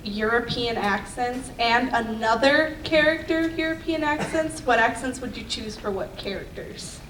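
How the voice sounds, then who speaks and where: A woman's voice: on the high side, measured pace, very noisy. A woman in the audience asking a question at a convention panel, a little hesitant. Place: large convention panel room. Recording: distant voice in an echoey hall.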